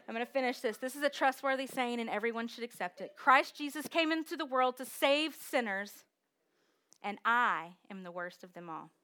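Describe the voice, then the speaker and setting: A woman preaching a sermon with energetic call-and-response exhortation. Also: a little high, smooth.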